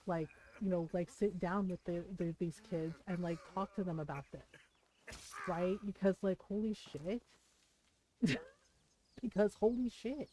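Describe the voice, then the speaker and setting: Middle-aged woman streaming a game, storytelling candidly with plenty of profanity and laughter; warm, mellow tone. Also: on the low side, rough recording. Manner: frank storytelling, swears often, laughs between lines. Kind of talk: casual gaming stream chat.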